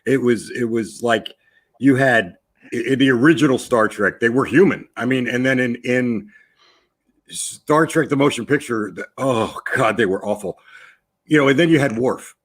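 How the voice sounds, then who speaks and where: A man chatting on a livestream panel, keeping a deadpan face as he trolls the others before laughing. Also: medium pitch, moderate pace, husky. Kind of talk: casual livestream panel chat.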